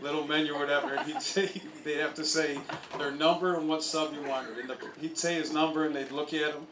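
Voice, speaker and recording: A man's voice: fairly high pitch, steady tone, fairly quick, reverberant, recorded from a distance, noisy background. A man, a college soccer coach, telling stories at an outdoor memorial speech. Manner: anecdotal storytelling, with chuckles. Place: outdoor stadium.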